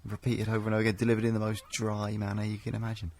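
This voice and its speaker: Gravelly, fast-talking studio sidekick. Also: male voice, fairly low pitch, completely flat delivery, darkish tone. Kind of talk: casual radio banter.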